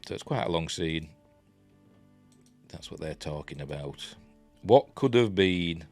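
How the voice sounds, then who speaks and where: A man with a Yorkshire accent and a low, deep voice talks through a TV episode at an easy ramble. He keeps reaching for "you know" and "um" between thoughts. Faint music plays quietly behind him. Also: animated, a little slow. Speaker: TV episode reviewer. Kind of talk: casual spoken review.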